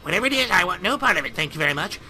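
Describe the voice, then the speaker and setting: A prissy, easily flustered mother with a high, piping voice, as a man puts her on for a game playthrough. She talks in a bright, thin tone, her words clipped and proper. Her indignation and her gushing both come out in that same pinched register. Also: very animated, rapid-fire, soft background music, exaggerated voice. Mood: prim. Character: prim fussy middle-aged mother, knitting on a train.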